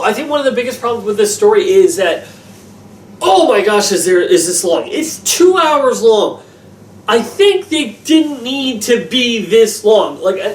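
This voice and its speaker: A man reviewing a film in a casual, animated way, rambling with lots of fillers. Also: sits high, recorded from a distance, slight background noise. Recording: roomy room, voice off-mic.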